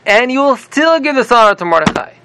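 An unbending ancient king hands down flat, firm verdicts. His voice is high and gravelly with a bright edge. A man puts him on while retelling the story. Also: a little fast, exaggerated voice. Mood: stern. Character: cold, unyielding male ancient king.

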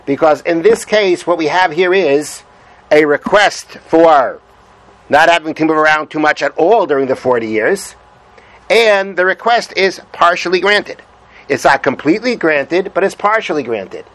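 A man's voice: fairly high pitch, expressive, moderate pace, a bit bright, poor audio. A man giving a Torah lesson, reading Hebrew sources aloud and translating them, explaining patiently and repeating his points. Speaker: Torah teacher.

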